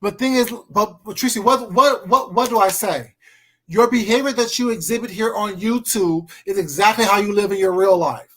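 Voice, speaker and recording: A co-host in casual gossip chat, often stumbling on repeated words and drawing some words out slowly. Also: mid-range voice, fairly bright tone, a little hiss or hum. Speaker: livestream co-host.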